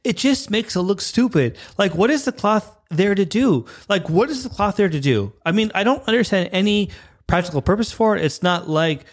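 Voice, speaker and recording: A man in his thirties from Canada hosting a podcast, ranting in a rambling, self-interrupting way and jumping up in pitch when he gets irritated. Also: animated, moderate pace. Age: 30s. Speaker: podcast host. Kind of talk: casual monologue rant.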